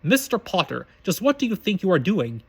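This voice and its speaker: A man's voice: high voice, big pitch swings, fairly quick, creaky, breathy edge, heavily acted. A man voicing a cold, stern male professor who speaks in a clipped way, read in his own voice.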